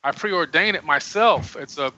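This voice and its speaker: Earnest man with a bright voice. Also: fairly high pitch, moderate pace. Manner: earnest, emphatic, preaching self-empowerment. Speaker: radio show guest. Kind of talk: casual radio interview. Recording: dull lo-fi radio audio.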